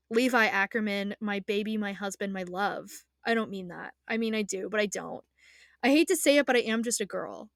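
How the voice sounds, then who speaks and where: A woman's voice: fairly high pitch, fairly bright tone, no echo. Passionate young woman ranting, dry close sound. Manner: passionate, swearing, rambling with fillers. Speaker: anime fan ranting. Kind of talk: casual emotional rant.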